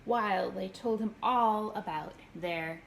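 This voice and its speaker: Woman reading a picture book slowly. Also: medium pitch, creaky, slight background noise. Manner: expressive, gentle, unhurried. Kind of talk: storybook read-aloud.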